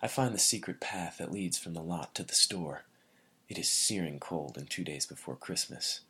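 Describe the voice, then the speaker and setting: A man reading a first-person literary story in a measured way, often sinking to a breathy near-whisper. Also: low-pitched, sharp tone. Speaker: narrator.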